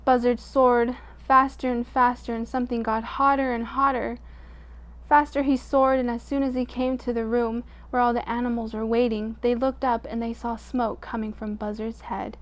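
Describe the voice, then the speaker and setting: Expressive woman reading a storybook aloud. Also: a little high, moderate pace. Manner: expressive, drops to a hush at quiet moments. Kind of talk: reading a picture book aloud to children.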